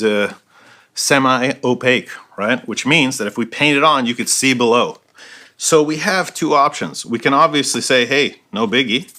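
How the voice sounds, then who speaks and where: Bright-voiced man teaching painting. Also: mid-range voice. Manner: explains while painting, checks in with frequent "right?". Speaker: art instructor. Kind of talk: step-by-step painting tutorial.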